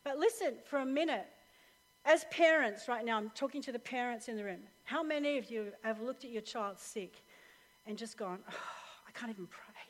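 A woman pastor preaching a sermon to a live audience, telling stories in an animated way with frequent laughter. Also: a little high, moderate pace. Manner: animated storytelling, laughs often. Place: church hall with live audience. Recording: reverberant live hall recording.

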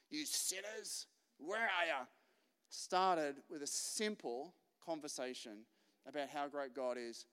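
A man preaching a lively, joking sermon full of anecdotes. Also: fairly high pitch, clean tone. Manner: chatty, joking, acts out quotes. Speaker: pastor. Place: large church hall. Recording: live church recording with long reverb.

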